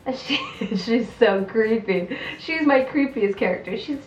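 A woman comedian hosting a radio show, chatting loudly in slangy, rambling speech full of tag questions. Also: on the high side, unhurried, roomy sound, far from the mic, soft background music. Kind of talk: casual comedy interview chat.

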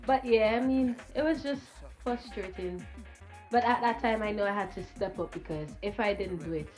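A woman's voice: mid-range voice, normal speed, darkish tone, faint music behind. A young woman of about twenty, a guest telling her story earnestly on a radio interview, giggling now and then. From Saint Vincent.

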